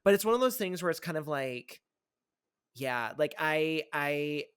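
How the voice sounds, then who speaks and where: A man in casual podcast chat, agreeable and quick with short replies, recorded close in a studio. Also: a little high, animated, fairly bright tone, clear, resonant tone, no echo. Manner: agreeable, frequent backchannel replies.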